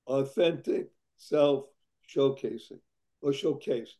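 A hoarse man talking as a podcast guest, exuberant and playful, spelling words out. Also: a little high, normal speed, a little mellow. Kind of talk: casual podcast chat.

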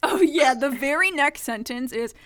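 A woman's voice: sits high, lively intonation, moderate pace, fairly bright tone. A woman co-hosting a casual podcast, reading a childhood story aloud with mock-dramatic voices and dry asides. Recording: lo-fi podcast audio.

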